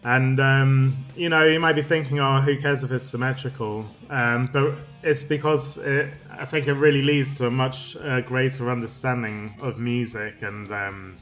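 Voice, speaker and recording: A man explaining music theory in a casual, halting way, full of ums and restarts. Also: mid-range voice, fairly even intonation, a bit bright, muffled recording.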